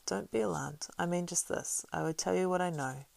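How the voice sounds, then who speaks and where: A woman reading the part of a weathered male ranger, measured, wry and grave. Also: on the low side, vocal fry, a little mellow, no echo, voice pushed up.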